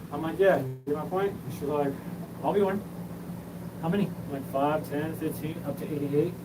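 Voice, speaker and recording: A man rambling through a profane, scattered monologue as the host of his own show. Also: on the high side. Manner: rambling, profane, jumps between topics. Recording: distant mic with noticeable room hum.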